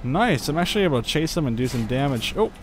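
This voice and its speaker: A man's voice: mid-range voice, sing-song, fast talker, a little hiss or hum. A young man giving casual gameplay commentary, thinking aloud with lots of fillers and chuckles. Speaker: gaming channel host.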